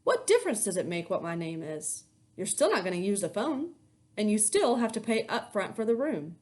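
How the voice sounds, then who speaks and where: A tired, unimpressed middle-aged motel clerk, as a woman reads her aloud, snapping out short, dismissive answers. Her delivery swings up and down in pitch. She plainly wants no part of anyone's troubles. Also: big pitch swings, moderate pace, darkish tone, close to an everyday voice. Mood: curt. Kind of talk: reading a children's novel aloud.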